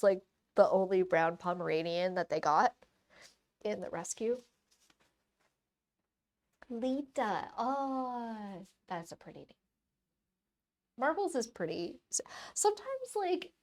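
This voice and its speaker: A woman art streamer chatting casually and rambling on a live stream while she paints. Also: mid-range voice.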